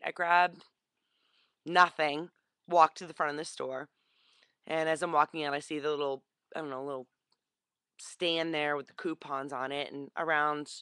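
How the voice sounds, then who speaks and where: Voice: medium pitch, pushed and bright, smooth, no echo. A vlogger telling a story casually into a webcam, acting out the voices of the people in it.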